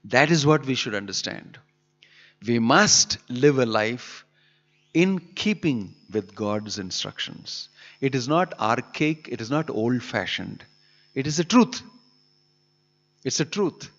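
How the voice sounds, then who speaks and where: A man's voice: medium pitch, animated, takes it slowly, a bit bright, muffled recording. A man giving a sermon on scripture, asking scolding rhetorical questions. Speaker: spiritual teacher.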